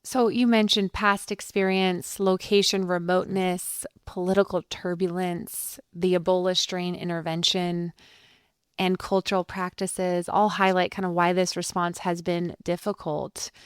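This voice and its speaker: A woman's voice: on the low side, little pitch movement, measured pace, clean tone, no room sound, studio quality. A woman hosting an interview, asking composed, prepared questions and summarizing the guest's points. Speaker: interview host.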